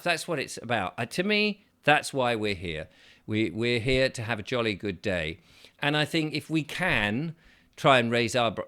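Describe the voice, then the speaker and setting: A man's voice: medium pitch, a bit bright. A man, hosting his own channel in a casual, upbeat monologue and acting out little voices. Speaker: channel host.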